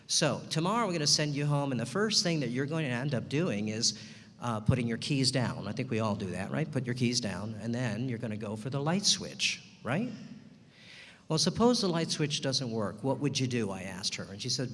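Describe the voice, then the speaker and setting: A man giving a ceremony speech, telling a story and acting out the dialogue in lively turns. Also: mid-range voice, normal speed. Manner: animated storyteller acting out both sides of a dialogue. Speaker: ceremony speaker. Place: large hall. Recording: long hall reverb.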